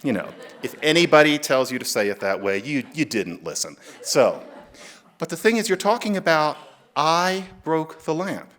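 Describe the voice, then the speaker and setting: A middle-aged man from the United States lectures to an audience in an emphatic, wry manner. His pitch sits in an ordinary middle range for a man, and he jumps into quoted phrases with lively, playful emphasis. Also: normal speed. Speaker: speaker. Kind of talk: public lecture. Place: lecture stage.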